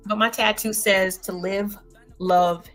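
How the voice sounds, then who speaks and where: A woman hosting her own livestream, talking loosely and casually, heavy on slang and fillers. Her pitch sits in a middle range, and faint music plays underneath her. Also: steady tone, takes it slowly, fairly bright tone. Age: adult parent. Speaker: livestream host. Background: faint background music.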